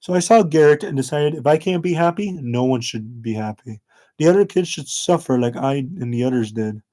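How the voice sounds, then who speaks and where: A man voicing a cruel, bitter middle-aged father confessing revenge in a low, brooding way. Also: animated, a little fast, dark tone, natural voice.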